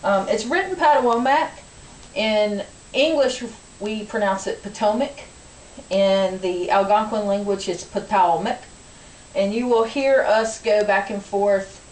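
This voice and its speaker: A woman's voice: medium pitch, darkish tone. Woman giving a class speech from afar. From Virginia. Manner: measured, explanatory, with frequent ums. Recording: distant, echoey room with hiss.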